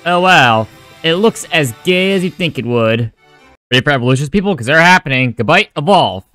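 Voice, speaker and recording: A man's voice: on the high side, animated, fairly quick, sharp tone, soft background music. A man giving sarcastic, crude, joking commentary over his game playthrough. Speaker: gaming video creator.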